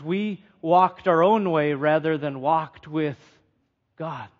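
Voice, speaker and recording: A man preaching a sermon in an earnest way, putting questions to the congregation and repeating phrases for emphasis. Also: high voice. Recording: dull lo-fi sound.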